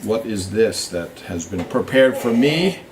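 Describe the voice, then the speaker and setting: A show writer hosts a casual live fan Q&A stream from a small Hollywood studio with a blue backdrop, greeting viewers by name and thinking aloud with plenty of fillers. His voice is on the low side, expressive and measured, with a little hiss or hum.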